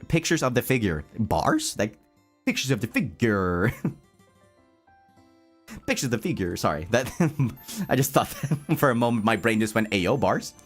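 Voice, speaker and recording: A man chatting casually on a livestream, playful and animated, reading chat aloud and answering it, laughing often and tripping over words when excited. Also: medium pitch. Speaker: streamer.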